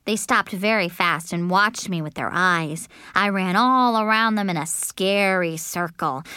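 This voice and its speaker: A woman narrating a children's book in an animated, childlike first-person manner. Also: on the low side, unhurried, clean tone, no echo, clean studio sound. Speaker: audiobook narrator. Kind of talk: expressive storybook narration.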